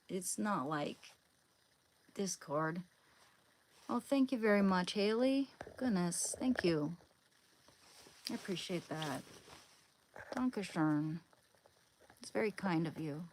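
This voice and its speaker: A woman's voice: lowish voice, a little mellow, slight background noise, poor audio. A woman live streaming, chatting casually with viewers in a rambling, hesitant way, often searching for words.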